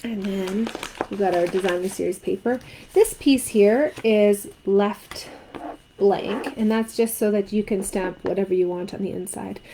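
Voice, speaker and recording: A woman's voice: mid-range voice, measured pace, noisy background. A woman from Canada teaching a card-making craft tutorial, chatting and asking viewers what they think. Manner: chatty, asks viewers questions.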